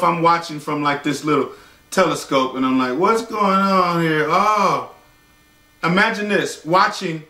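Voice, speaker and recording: Jokey male storyteller, high and bright, slangy asides, echoey room, mic set back. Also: recorded from a distance. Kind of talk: casual bedtime storytelling with joking asides.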